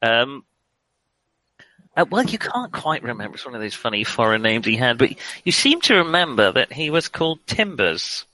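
A man's voice: mid-range voice, sing-song, moderate pace, pushed and bright, poor audio. A man running a tabletop role-playing game, narrating with many hesitant fillers. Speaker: game master.

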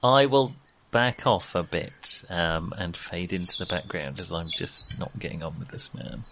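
A man's voice: low-pitched, expressive, unhurried, a bit bright, a little hiss or hum. A man playing a tabletop game, wry and self-mocking in his joking. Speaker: player. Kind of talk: casual tabletop game play.

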